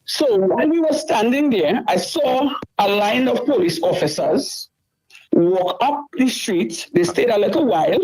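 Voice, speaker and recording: Here a middle-aged caller on a talk show tells an upsetting story emotionally, going back over the same points. She speaks at a measured pace in a fairly high, expressive voice with a darkish, breathy tone, captured on a rough recording.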